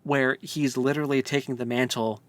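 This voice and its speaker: A man co-hosting a podcast, chatting in an animated way with frequent laughs and fillers. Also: medium pitch, a little fast, dry recording. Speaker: podcast co-host. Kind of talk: casual podcast discussion.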